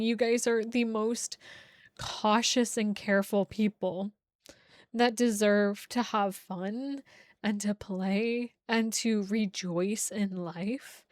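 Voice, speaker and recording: A woman's voice: mid-range voice, darkish tone, no room sound, clean studio sound. A young woman giving a casual, emotional tarot reading to her viewers, full of "like" fillers. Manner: emotional, gushing, many "like" fillers. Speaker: tarot reader.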